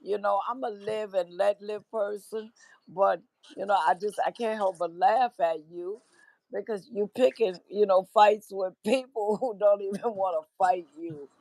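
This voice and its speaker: A woman's voice: medium pitch, a little slow, gravelly, a little mellow, no room sound, rough recording. A woman guest on a livestream, telling stories in a gossipy way with frequent laughter. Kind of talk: casual chat.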